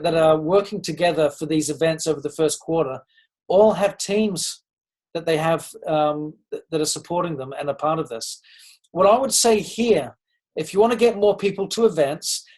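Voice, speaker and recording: A man's voice: fairly high pitch, moderate pace, darkish tone, poor audio. Earnest man coaching on a group call. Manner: earnest and encouraging, with frequent ums and restarts; asks listeners direct questions. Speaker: leadership coach. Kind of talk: motivational talk on a group call.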